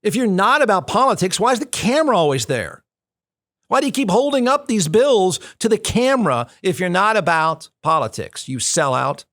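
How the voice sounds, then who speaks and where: A man's voice: high voice, very animated, normal speed, fairly bright tone, dry recording. A male talk show host giving snarky, combative political commentary, hammering his points with repetition. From United States. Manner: snarky, combative, repeats phrases for emphasis.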